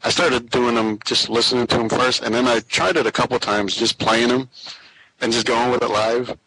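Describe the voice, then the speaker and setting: A man chatting casually as a former podcast co-host, relaxed with many fillers. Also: mid-range voice, normal speed, noisy background. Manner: relaxed, filler-heavy talk. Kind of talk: casual group chat.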